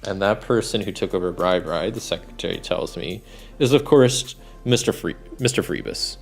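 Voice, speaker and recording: A man with a very low, gravelly voice talks through his solo tabletop game, rambling and thinking aloud between dice rolls. Faint music plays behind him. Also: normal speed. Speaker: solo game master and player.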